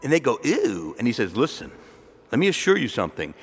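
A man preaching a sermon in a lively, conversational storytelling way, acting out quoted dialogue. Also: mid-range voice, quick pace, slightly rough. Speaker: Catholic preacher. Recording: long hall reverb.

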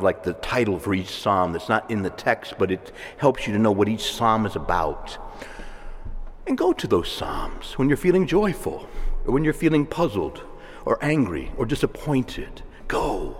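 A male priest giving a sermon in a conversational way, with asides and soft laughs. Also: fairly low pitch. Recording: long reverb of a church hall.

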